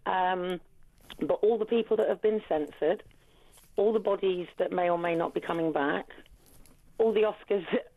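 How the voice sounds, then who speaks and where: A woman's voice: on the low side, moderate pace, pauses often, no echo. A woman calling a radio show, rambling and insistent, talking over the host. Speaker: caller. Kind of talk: phone-in call. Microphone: telephone. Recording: tinny phone line.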